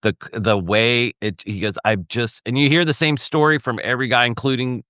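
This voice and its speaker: A middle-aged man in casual podcast chat, telling animated stories and acting out the voices of other people. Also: medium pitch, brisk, no echo, clean studio sound. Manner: animated storyteller acting out quoted dialogue. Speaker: podcast co-host or guest.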